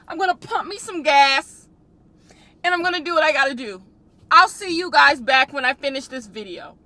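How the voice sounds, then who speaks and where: High, bright young woman vlogging in her car. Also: expressive, normal speed, no echo. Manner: dramatic, mock-tearful, wailing. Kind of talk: casual car vlog. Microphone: camera on the dashboard. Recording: faint car noise. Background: car noise.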